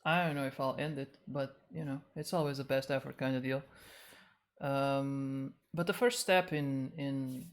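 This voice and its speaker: A woman's voice: a bass voice, fairly even intonation, unhurried. A woman chatting casually on a live stream as a cosplay streamer, flustered and a little out of breath, with many stumbling restarts.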